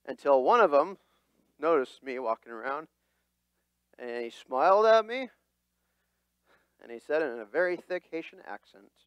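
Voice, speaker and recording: Animated, lively-voiced male pastor preaching. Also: fairly high pitch, moderate pace, pauses often, smooth, no echo. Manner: animated, dramatic voicing of quotes. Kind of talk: sermon. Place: church.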